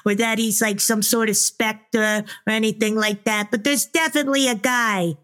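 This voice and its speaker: Stubborn bedtime-dodging kid, played by a woman, a touch high. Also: steady tone, moderate pace, a bit bright, lightly acted. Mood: bargaining. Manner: bargaining, matter-of-fact. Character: stubborn young daughter refusing bedtime.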